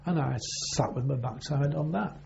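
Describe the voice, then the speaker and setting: An older man reminisces in an oral history interview, his voice gravelly and dark. He wanders through his memories with many pauses and fillers. The recording is muffled, with a low hum underneath. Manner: rambling, halting, with many fillers. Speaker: interviewee, former navy sailor. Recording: dull lo-fi recording with faint hum.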